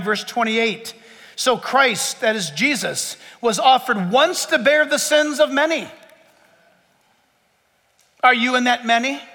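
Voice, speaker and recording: A man preaching a lively sermon in a church, acting out the voices of his listeners. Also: extremely high pitch. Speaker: pastor. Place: church sanctuary before a congregation. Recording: long church hall reverb.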